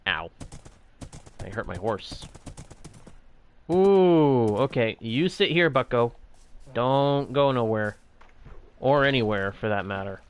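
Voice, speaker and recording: A man's voice: medium pitch, animated, a little slow, long pauses. A man casually commenting on his own game as he plays, playful and jokily grumbling to himself. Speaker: gaming channel host.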